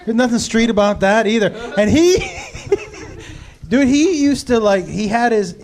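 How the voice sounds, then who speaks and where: A man's voice: very high-pitched, wildly swooping pitch, unhurried, darkish tone. A man who is a guest comedian, chiming in with teasing asides during a live podcast. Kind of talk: casual banter.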